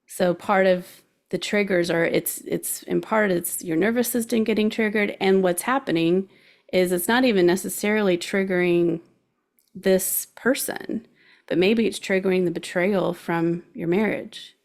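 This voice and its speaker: A woman with a medium-pitched, gravelly voice at a measured pace hosts a life guidance show. Her casual coaching talk works through emotions in a chatty, encouraging way, and she laughs easily.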